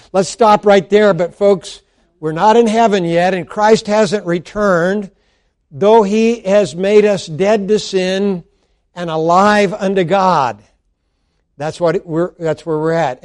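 Man, high voice, pastor, sermon, conversational with jokes and asides to the congregation. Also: a little mellow.

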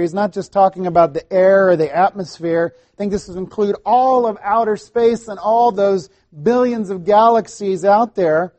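A man's voice: sits high, darkish tone, no echo. A middle-aged man preaching a sermon in a conversational way, with asides and restarts. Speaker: pastor.

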